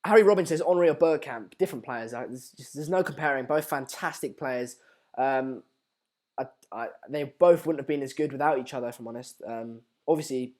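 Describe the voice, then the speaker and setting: A young man in a mid-range, darkish voice runs a live-stream watchalong of a football match, keeping it chatty as he reads out viewer comments with many fillers like um and uh.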